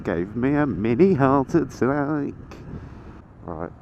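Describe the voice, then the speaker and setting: A medium-pitched, slow-talking nineteen-year-old rides a motorbike in town traffic, giving a casual running commentary to the camera. He swears heavily, makes fun of himself and breaks into excited yelps. Loud wind, traffic and engine noise fill the dull lo-fi audio from his helmet-mounted action camera.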